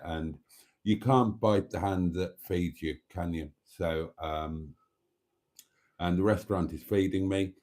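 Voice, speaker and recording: A man's voice: sits low, darkish tone. A man hosting a live stream, chatting casually and rambling as he reads viewer comments aloud, with mild swearing. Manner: rambling, chatty, self-deprecating, swears mildly.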